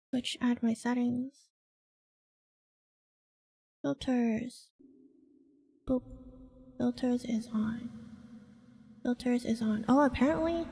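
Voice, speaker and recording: A woman's voice: on the high side, gravelly, dark tone, slightly rough. A woman from Hong Kong chatting casually with her live-stream chat, laughing often and reacting to viewers. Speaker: VTuber streamer.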